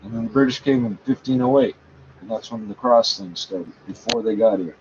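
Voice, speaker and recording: A man's voice: lowish voice, brisk. A man reading a page aloud and talking back to it, scornful, correcting it and swearing often. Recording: dull lo-fi sound, faint background noise.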